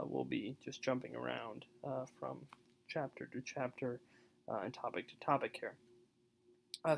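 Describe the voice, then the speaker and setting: A man giving a recorded poetry lecture, halting with many fillers and often checking in with "right?". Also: medium pitch, creaky, slight background noise.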